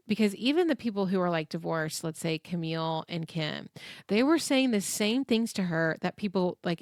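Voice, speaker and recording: A woman's voice: medium pitch, no room sound. Chatty woman recapping TV in a dry room. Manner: chatty, filler-heavy, acts out quotes. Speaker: podcast host. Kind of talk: casual TV recap chat.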